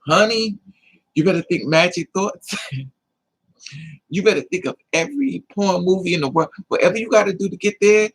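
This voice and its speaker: A woman's voice: lowish voice, lively intonation, brisk, breathy edge, low-quality recording. A middle-aged woman chatting casually to her livestream viewers, sassy and emphatic, repeating her lines and calling people honey. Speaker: livestream host.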